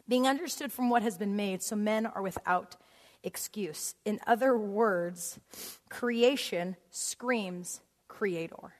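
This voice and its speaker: A woman preaching a sermon to a congregation, telling stories with an animated, laughing delivery. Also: mid-range voice. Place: large church hall with congregation. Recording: long hall reverb.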